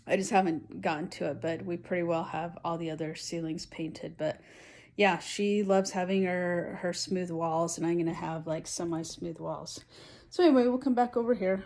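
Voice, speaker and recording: A woman's voice: fairly low pitch, darkish tone. A middle-aged woman giving a casual, rambling how-to walkthrough of fixing walls in her home. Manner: chatty, rambling, self-deprecating. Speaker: home DIY vlogger. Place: home interior, room being renovated. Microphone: handheld phone or camera on tripod.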